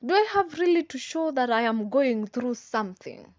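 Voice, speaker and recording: A Kenyan vlogger in her twenties speaks at a moderate pace, her voice fairly high with lively intonation. Her casual motivational monologue is emphatic and repetitive, with slang and tag questions, and the recording is dry and slightly dull.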